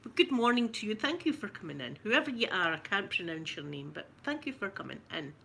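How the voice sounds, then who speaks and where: A middle-aged Scottish woman chats to her live viewers in a rambling, giggly way, often restarting her sentences. Her voice is bright and forward, with a faint hum of background noise under it. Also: mid-range voice, very animated, fairly quick, creaky. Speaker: ASMR livestream host. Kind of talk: casual live chat with viewers.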